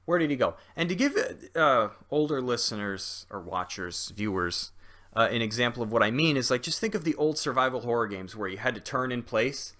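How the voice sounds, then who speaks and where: Guy in his twenties doing a casual game review, lots of ums and uhs, bright tone. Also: mid-range voice, lively intonation, fairly quick. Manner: rambling, lots of fillers and restarts; chatty and jokey.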